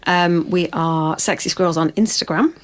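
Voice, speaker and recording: Chatty laughing woman, lowish voice. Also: moderate pace. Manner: chatty storyteller, laughs often. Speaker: podcast guest, party host. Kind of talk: casual chat.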